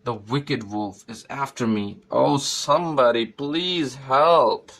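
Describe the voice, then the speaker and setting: A man's voice: mid-range voice, slow pace, fairly bright tone. A man voicing a frightened little girl in a storybook reading, talking nervously and pleading for help.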